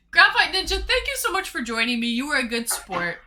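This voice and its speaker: Bubbly woman streamer, very bright and lively, effusive casual chat. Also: high voice. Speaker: streamer hosting viewer dates.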